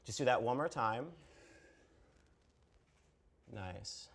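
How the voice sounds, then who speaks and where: A man teaching yoga, giving calm, encouraging step-by-step instructions on pose and breath. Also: mid-range voice, very slow, a little hiss or hum.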